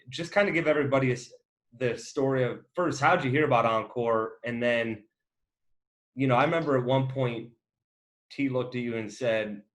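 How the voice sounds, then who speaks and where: A man hosting an interview, asking long, wandering questions with many fillers in a friendly, casual way. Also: mid-range voice. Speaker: interview host, company co-founder.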